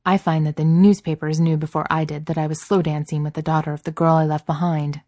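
An earnest, reserved soldier man who keeps his feelings tightly reined in, as a woman reads him. The voice stays low and dark, and the sound is dry. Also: flat delivery, quick pace, no room sound, lightly acted. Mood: cold. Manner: controlled and earnest.

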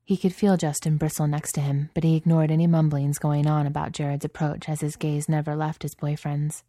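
A woman reading a story aloud in calm, even narration. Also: low voice, brisk, no echo. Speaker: audiobook reader.

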